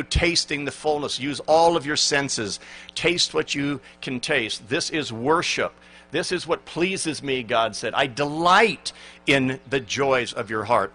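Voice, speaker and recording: An older pastor in his sixties delivers an emphatic sermon, his voice bright and forceful. He sits at an ordinary pitch for a man. He leans hard on repeated phrases and reads scripture aloud. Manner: earnest, emphatic preaching with quoted scripture.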